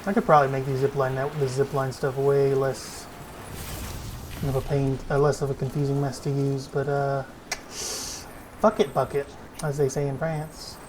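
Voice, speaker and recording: Casual swear-happy gamer rambling over gameplay, mid pitch, bit of faint noise. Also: level tone, normal speed, long pauses. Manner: rambling, profane and self-mocking. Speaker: let's play streamer.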